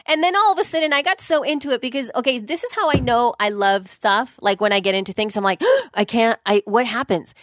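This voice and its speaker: A woman co-hosting a podcast in casual chat, chatty and excitable, often saying "dude". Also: fairly high pitch, fast talker, hardly any pauses, no echo, clean studio sound. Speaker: podcast co-host.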